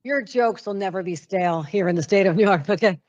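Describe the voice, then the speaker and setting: A woman's voice: mid-range voice, a little fast, a little mellow, dull audio. A woman giving a formal public speech as a governor, speaking in an upbeat, praising way.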